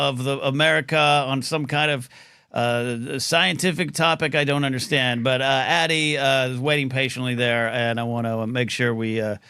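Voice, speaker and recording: A man hosting a live call-in talk show, rambling and excitable with lots of restarts. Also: mid-range voice, clean tone, no echo, clean studio sound. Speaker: host.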